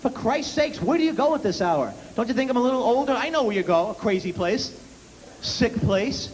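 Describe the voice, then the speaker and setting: A man's voice: very high voice, animated, brisk, voice pushed up. A man voicing a paranoid older father with a New York accent, ranting in a whiny, exasperated way. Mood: nagging. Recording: reverberant hall with faint hiss.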